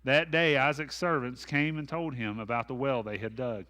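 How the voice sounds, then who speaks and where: A man's voice: medium pitch, fairly even intonation, moderate pace, pushed and bright. A man, a pastor leading a Bible study in a folksy, conversational way with asides. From American South. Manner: folksy, conversational, with asides and self-deprecating humor.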